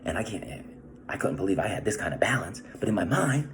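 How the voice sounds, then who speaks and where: Male vlogger, deep-ish, loose and rambling, swears freely. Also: big pitch swings, fast talker, slight background noise. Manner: rambling, profane, constant tag questions. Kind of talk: casual monologue.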